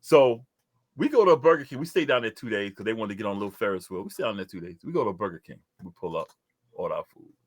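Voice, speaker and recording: A man from New York, older, co-hosting a casual chat and telling stories loudly with sudden high jumps in his voice. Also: racing, no room sound, clean studio sound. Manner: loud, animated storytelling with sudden high jumps. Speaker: co-host.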